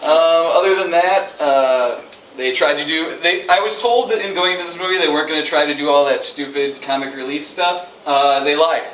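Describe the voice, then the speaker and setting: A man gives a loose, sarcastic movie review full of ums and uhs. His voice sits a little high. He is recorded in an echoey room, well away from the mic, with faint noise behind him. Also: moderate pace, a bit bright, recorded from a distance. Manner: rambling, sarcastic, many fillers. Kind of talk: casual movie review chat.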